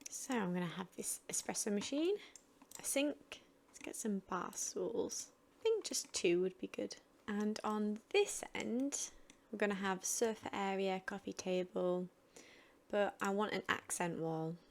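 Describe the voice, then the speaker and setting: Woman, casual gameplay commentary, thinking aloud, mid-pitched voice. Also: lively intonation, measured pace. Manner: chatty, thinking aloud while building. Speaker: gaming channel host. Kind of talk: casual game build commentary.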